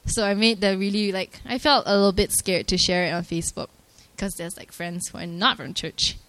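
Young woman, faith testimony, halting and filler-heavy, mid-range voice, dry close sound. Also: medium pitch, fairly even intonation, dry recording. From Malaysia. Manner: hesitant, full of "like" and "um" fillers; earnest and softly emotional. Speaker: church member giving her testimony.

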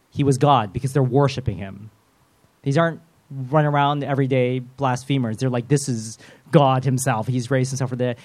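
A man with a voice on the high side preaches a sermon in a casual, animated style. He acts out prayers and quotes in shifting voices and adds humorous asides.

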